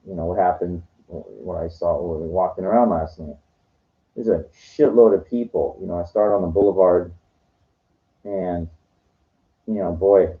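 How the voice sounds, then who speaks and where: A man telling meandering personal stories, filled with "you know" and often trailing off quietly. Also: low voice, phone-quality sound. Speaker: vlogger. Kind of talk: rambling personal storytelling. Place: lives in Los Angeles.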